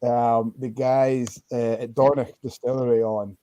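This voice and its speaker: A Scottish man hosting a relaxed, chatty conversation on a video call. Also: medium pitch, measured pace, no echo. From Scotland. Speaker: host. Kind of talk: casual chat.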